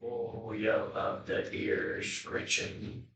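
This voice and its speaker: A man rambles and swears as he cooks in his kitchen on a live stream, drinking beer and chatting to his dog. His voice is low-pitched but bright and forceful. It sits back from the mic in an echoey room with a faint hum behind it. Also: flat delivery, slow pace. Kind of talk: casual live-stream chat while cooking. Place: home kitchen. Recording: roomy kitchen, mic from afar.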